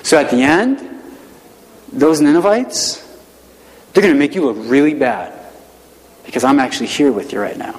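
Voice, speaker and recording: A male pastor preaching a sermon in a relaxed, conversational way, with many rhetorical questions. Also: a little high, moderate pace, pauses often, long reverb tail, rough recording.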